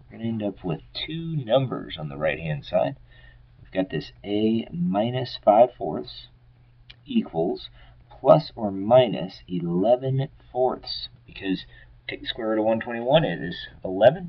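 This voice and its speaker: A man's voice: on the low side, breathy edge, dull audio. A man teaching algebra in a casual, step-by-step way, working through problems aloud and letting his phrase ends trail off. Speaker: math teacher.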